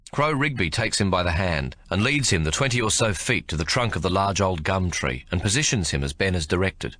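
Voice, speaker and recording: Lively, bright-voiced male narrator. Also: brisk, no echo, studio quality. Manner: expressive storytelling with lively pitch. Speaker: audiobook narrator. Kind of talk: scripted narration.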